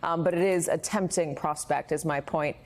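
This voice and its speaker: A woman giving measured cable news analysis, pausing with frequent ums. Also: sits low, steady tone. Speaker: news commentator.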